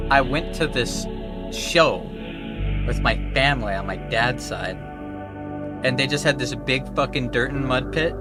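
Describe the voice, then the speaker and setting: Young male streamer from Minnesota, loose and profane, mid-range voice over loud background music. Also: medium pitch. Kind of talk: casual chat while gaming.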